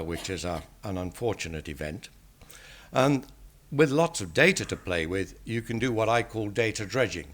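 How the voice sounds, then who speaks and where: An older English man, a statistician, giving an academic lecture in a measured, dryly wry manner. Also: on the low side, a bit bright.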